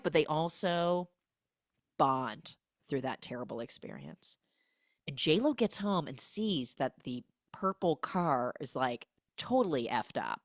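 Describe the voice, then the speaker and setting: A young adult woman hosts a casual, comedic film recap podcast, voicing the characters' lines in quick, exaggerated impressions. Her voice is lowish and fairly bright, recorded with clean studio sound and no echo.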